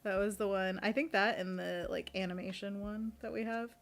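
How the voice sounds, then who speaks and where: A woman's voice: medium pitch, fairly even intonation, moderate pace. A young woman co-hosting a painting livestream, chatting casually and playfully with frequent giggles. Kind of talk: casual chat while painting. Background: faint music.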